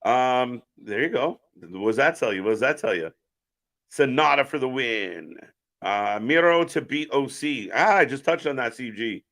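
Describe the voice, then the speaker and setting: A man hosts a live wrestling watch-along stream, casually calling the action and answering viewer chat. His mid-range voice is expressive and a bit bright, moving at normal speed.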